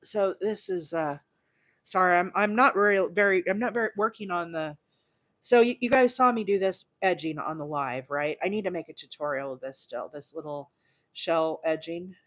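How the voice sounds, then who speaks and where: A woman in her forties from Alabama, hosting a casual crochet livestream and chatting with her viewers in a bubbly, excitable way. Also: lowish voice, normal speed. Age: 40s. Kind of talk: casual live crochet demo chat.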